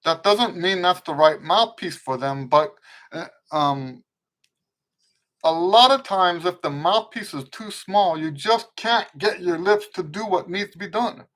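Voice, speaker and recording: A man's voice: high-pitched, unhurried, fairly bright tone. A middle-aged man with a mixed American accent rooted in Western Pennsylvania, a trumpet teacher hosting a casual live Q&A and often restarting and rewording his sentences. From eastern United States. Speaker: trumpet teacher and show host.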